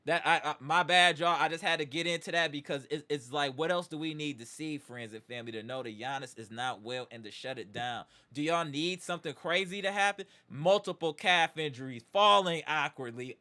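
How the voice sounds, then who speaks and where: A man's voice: on the high side, normal speed, pushed and bright. A man hosting a live sports reaction stream, ranting emphatically with slang and repeated catchphrases before settling into a game breakdown. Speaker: sports talk show host.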